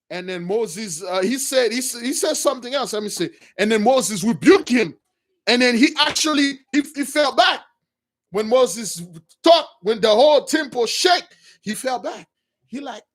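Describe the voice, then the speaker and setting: A man casually retelling a religious story to his listeners, animated and addressing them as brothers. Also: extremely high pitch, moderate pace. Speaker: preacher, storyteller.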